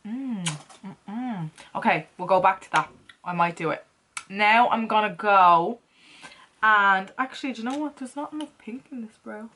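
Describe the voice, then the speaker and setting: A makeup vlogger chats casually through a tutorial, playful and talking to herself as she works. Her medium-pitched voice is bright and forceful at a normal speed, with a little hiss or hum in the background.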